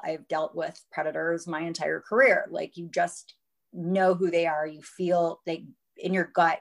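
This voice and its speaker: A woman's voice: fairly low pitch, creaky. Earnest woman guest telling a story. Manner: earnest, animated, acts out quoted voices. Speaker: guest, mother and model. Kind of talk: interview storytelling.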